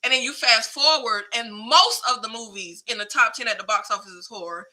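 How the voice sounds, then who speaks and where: A woman hosting a film talk show in casual chat, animated and slangy. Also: fairly high pitch, a little fast, a crowd in the background, rough recording. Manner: animated, slangy, emphatic, laughs often. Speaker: film podcast host.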